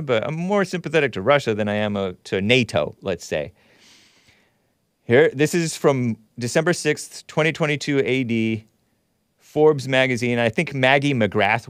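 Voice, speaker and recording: A man's voice: medium pitch, clear, resonant tone, dry recording, clean studio sound. A man hosting a commentary show, reading a news article aloud and breaking into sarcastic, mocking asides with chuckles. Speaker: host. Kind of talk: casual commentary monologue.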